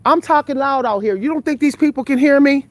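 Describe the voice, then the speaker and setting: A woman's voice: high-pitched, fairly quick, darkish tone, no room sound. A tired, out-of-breath woman in her forties talks bluntly and profanely to her viewers while walking outdoors at night, filming on a phone. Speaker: vlogger. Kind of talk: live vlog while walking. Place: outdoors on a night street walk.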